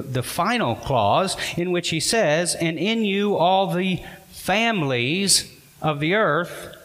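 Guy pastor preaching a sermon, kinda high voice, asks the room questions, big echoey church. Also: a bit bright. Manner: earnest, asks the congregation questions.

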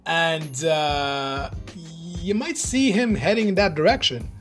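A man's voice: on the high side, takes it slowly, a bit bright, soft background music. A man hosting his own channel, chatting in a rambling, jokey, heavily profane casual rant. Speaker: vlogger, channel host.

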